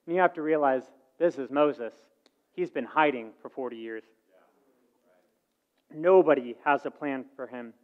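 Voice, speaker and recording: A man preaching a sermon, telling a story with lively acted-out dialogue and swings in loudness. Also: medium pitch, a little slow, pauses often, narrow, tinny audio. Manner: animated storytelling, acting out dialogue with shifts in volume. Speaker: pastor.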